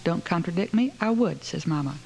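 A woman's voice: on the low side, expressive, brisk, gravelly, dark tone. A woman voicing an overbearing older mother who scolds her daughter in a dramatic reading of a story. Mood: scolding. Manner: scolding, indignant, theatrical.

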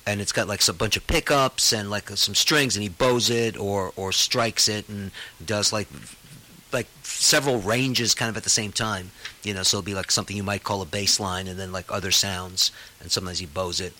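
A man's voice: lowish voice, steady tone, normal speed, bright, forceful tone, low-quality recording. A man hosting a casual radio chat, talking in a loose, rambling way with many fillers. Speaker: radio host.

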